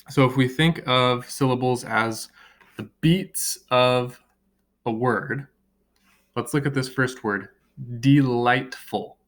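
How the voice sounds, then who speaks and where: A man's voice: medium pitch, fairly bright tone. Patient man teaching a children's lesson. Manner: slow, drawn-out word clapping and counting; friendly, patient classroom explaining. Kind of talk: recorded online lesson for children.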